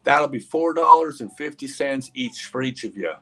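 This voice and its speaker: A man voicing a deadpan teenage farm girl with a Southern accent, speaking in a flat, insistent drawl. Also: mid-range voice, moderate pace, creaky, pitched above the performer's own voice, exaggerated voice.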